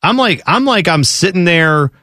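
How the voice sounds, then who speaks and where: A man's voice: sits high, expressive, moderate pace, bright, forceful tone, no echo, clean studio sound. A man co-hosting a radio show in a casual, rambling, self-deprecating chat.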